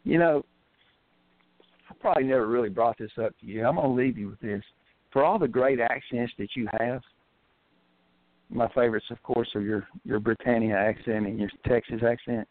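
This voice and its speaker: A man calling in to a radio show, animated and playful in his chatter, over a tinny phone line. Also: medium pitch, normal speed, no room sound. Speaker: caller. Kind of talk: casual call-in chat.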